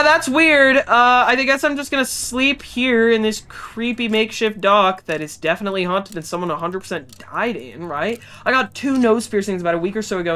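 A man's voice: sits high, bright, forceful tone, clear, resonant tone. A man streaming live, chatting as he plays and talking back to game characters and his chat. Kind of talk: live gameplay commentary.

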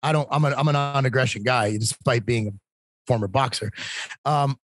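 Chatty husky-voiced man telling stories. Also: mid-range voice, normal speed, no room sound. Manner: talkative, animated, swearing. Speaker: podcast guest. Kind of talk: casual storytelling.

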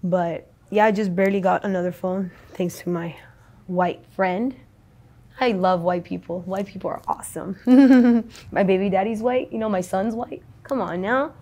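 A woman's voice: medium pitch, moderate pace, mellow. A young adult woman in a casual street interview, talking in a rambling, slangy, profane way.

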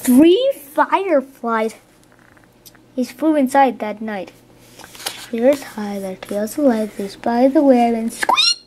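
A woman reading a children's picture book aloud, halting now and then to point at the pictures. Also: on the high side, huge pitch swings, a little hiss or hum.

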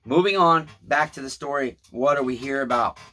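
A man's voice: mid-range voice, normal speed, bright, forceful tone. A man in his thirties with a Southern US accent, talking in a small shed as a channel host and telling a story in a profane, preachy, rambling way. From Tennessee, US. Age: 30s.

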